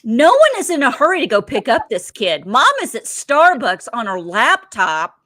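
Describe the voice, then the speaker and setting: A middle-aged woman recaps a show in a loose, casual chat. She tells stories with animated energy and acts out other people's lines. Her voice is close and dry, with no room sound. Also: on the high side, normal speed, dry recording. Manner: animated storytelling, swears freely, acts out quotes. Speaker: podcast co-host.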